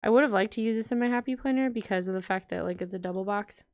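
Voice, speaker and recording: A woman's voice: mid-range voice, fast talker, darkish tone. A woman vlogger chatting casually to her viewers while decorating a planner, rambling and talking straight to the audience. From United States.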